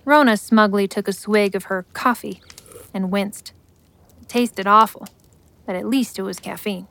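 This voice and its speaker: A woman giving scripted story narration in a steady, measured way. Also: mid-range voice, vocal fry.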